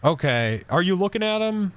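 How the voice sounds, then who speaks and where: Man, streamer, in-character roleplay, excitable, swearing, lively swooping pitch. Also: normal speed, slight background noise. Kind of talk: casual in-character roleplay chat.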